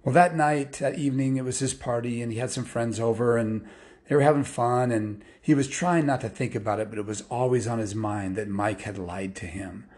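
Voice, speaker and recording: Man, casual storyteller, rambling, run-on clauses, middling pitch. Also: fairly quick, a little mellow. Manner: rambling, strings clauses with "and" and "well".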